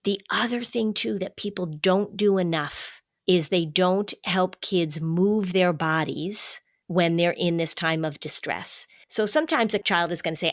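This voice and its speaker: A middle-aged woman hosting a parenting podcast, explaining calmly and emphatically, slowing down to stress key points. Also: lowish voice, dry recording, clean studio sound. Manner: calm, warm-hearted, emphatic, slows for stress. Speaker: podcast host, anxiety expert.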